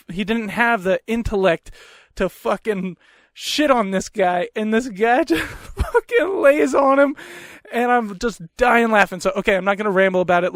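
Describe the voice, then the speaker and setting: Recording close to the mic in a small home room, with dry sound and no echo, a young podcast host chats casually. His fairly high voice carries profane, lively stories in which he keeps poking fun at himself.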